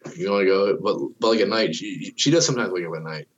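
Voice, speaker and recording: A man in his thirties with a very low, husky voice chats casually as a podcast host. He swears freely and tells his stories by acting out other people's lines in a raised voice. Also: fast talker, muffled recording. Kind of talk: casual chat.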